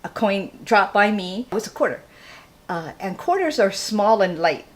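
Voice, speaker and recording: Older woman from Hawaii, live storyteller, animated and laughing, acts out the people in her story. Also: medium pitch, normal speed.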